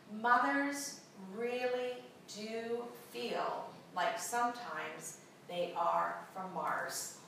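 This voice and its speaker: A woman giving a sermon and reading a story aloud, with a slow, earnest, expressive delivery, recorded from far off in an echoey room. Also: on the low side, gravelly, slight background noise. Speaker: speaker giving a Mother's Day message.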